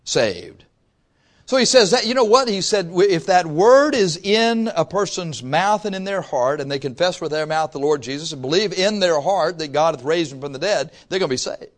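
Man preaching with sudden loud rises. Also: a little high, animated, normal speed. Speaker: pastor. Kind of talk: sermon. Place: church before a congregation.

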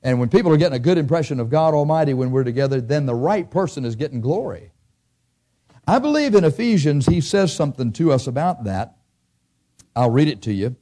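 Man preaching, sermon, slightly high voice, mellow tone, chatty with rhetorical questions. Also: expressive, brisk. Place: church.

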